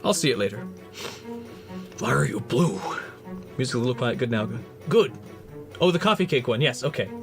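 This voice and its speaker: Painting on his livestream, this prop-making streamer jokes around and replies to chat in a relaxed way. He talks fast in a sing-song, medium-pitched voice, and music runs beneath him throughout.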